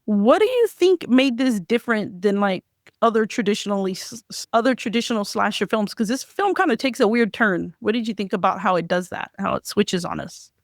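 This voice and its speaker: A woman's voice: medium pitch, lively intonation, a little fast, no room sound, studio quality. A woman hosting a film podcast, chatting animatedly and acting out quotes, with a few restarts. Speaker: podcast host. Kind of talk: casual film review chat.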